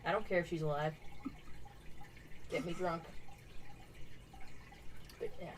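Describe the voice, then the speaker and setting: Chatty young woman, low voice. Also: takes it slowly, a little hiss or hum, poor audio. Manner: animated storyteller, acts out quotes. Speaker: stream co-host. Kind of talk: casual chat on a crochet stream.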